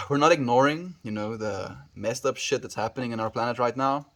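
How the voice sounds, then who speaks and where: A male livestreamer talks casually to his chat, thanking people and greeting them by name. His voice sits at an ordinary middle pitch. He sounds earnest and affectionate and lets out the odd soft sigh. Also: normal speed. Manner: greets viewers by name and reads chat aloud.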